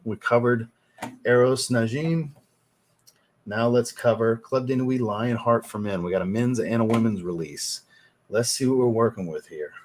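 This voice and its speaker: A man hosting a casual fragrance livestream, thinking out loud and answering viewers' chat messages as he goes. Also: mid-range voice, a little hiss or hum.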